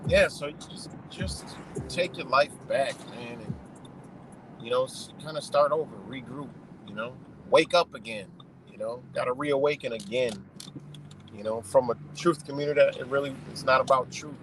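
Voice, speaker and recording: A man's voice: mid-range voice, normal speed, noisy background. A man ranting casually and profanely from his car on a live stream, rambling and saying "you know" over and over. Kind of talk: casual rant. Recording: clear music under the voice.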